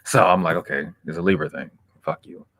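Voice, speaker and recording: Low-voiced man rambling casually on stream. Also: fairly quick, gravelly, a bit bright, dry recording. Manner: loose, profane, rambling with restarts. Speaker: livestream host reading chat. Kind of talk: casual livestream chat.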